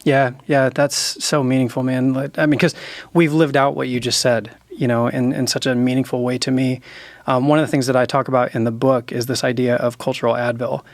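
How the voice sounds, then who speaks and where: A man's voice: mid-range voice, flat delivery, a little fast, no echo, clean studio sound. A man in his forties, an author and pastor, talking earnestly and with emotion about friendship and apology. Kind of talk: heartfelt conversation.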